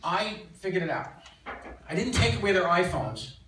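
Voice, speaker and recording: An older man telling jokes on a club stage, with a fairly high, lively voice. His punchlines land flat and dry after halting fillers. The recording is roomy and distant, and loud crowd laughter fills the gaps. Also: heavy background noise. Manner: deadpan punchlines with filler pauses. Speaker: stand-up comedian. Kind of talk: stand-up set.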